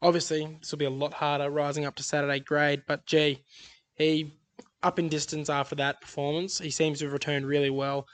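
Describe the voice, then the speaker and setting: An upbeat man talks through his racing tips, rattling off odds and form. His voice sits a little higher than most men's. He sounds like a relaxed podcast co-host chatting with a friend. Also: fairly quick. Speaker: podcast co-host tipping horse races. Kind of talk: casual racing tips chat.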